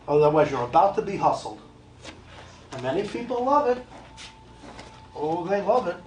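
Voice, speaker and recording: Blunt high-voiced man in echoey hall. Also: animated, moderate pace, a little hiss or hum. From United States. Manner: blunt, emphatic, repeats phrases, joking asides. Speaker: medium. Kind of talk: live stage talk to an audience. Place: live event hall. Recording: echoey room, mic from a distance.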